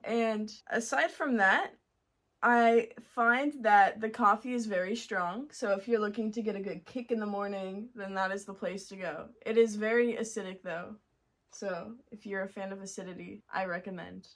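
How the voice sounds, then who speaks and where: A woman's voice: medium pitch, fairly even intonation, normal speed, fairly bright tone. A young woman from Montreal, a guest, chatting casually and easily about her favorite cafes. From Montreal, Canada. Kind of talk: casual interview chat.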